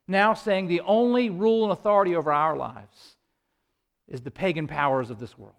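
A man preaching a sermon with impassioned delivery, swinging between loud rises and hushed low passages, with halting restarts. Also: vocal fry. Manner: impassioned, rising and falling, dramatic pauses.

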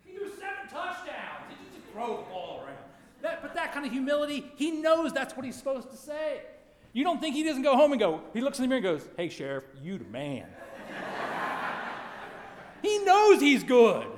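High-voiced preaching man, hall reverb. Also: sing-song, fairly quick, a little hiss or hum. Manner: emphatic preaching with quiet, mocking asides. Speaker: pastor. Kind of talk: sermon.

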